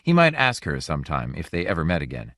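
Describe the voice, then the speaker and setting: A man reading a short story aloud in a measured, even audiobook narration. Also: extremely low pitch, dry recording, studio quality. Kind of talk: scripted narration.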